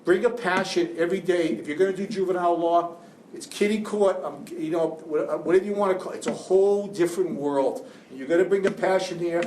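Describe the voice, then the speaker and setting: A man's voice: high voice, fairly even intonation, fairly quick, darkish tone, far from the mic. A middle-aged man, a defense lawyer speaking to law students, emotional and rambling with many restarts. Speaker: juvenile defense attorney, guest speaker. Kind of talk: classroom talk to law students. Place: classroom. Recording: echoey classroom with faint hiss.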